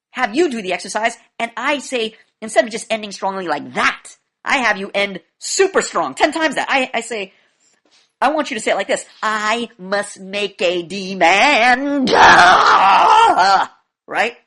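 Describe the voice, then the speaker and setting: Woman, speaking coach, emphatic, blunt, loud then quiet, clear bright voice. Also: fairly high pitch, expressive, normal speed. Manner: emphatic, swings between loud demonstrations and quiet asides; blunt, drops in profanity. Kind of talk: coaching lecture to a class.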